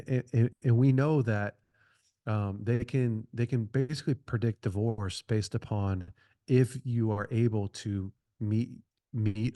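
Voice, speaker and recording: A man's voice: lowish voice, a little mellow, no room sound, clean studio sound. A middle-aged man speaking as a podcast guest, giving earnest advice in a conversational way, repeating and restarting his phrases.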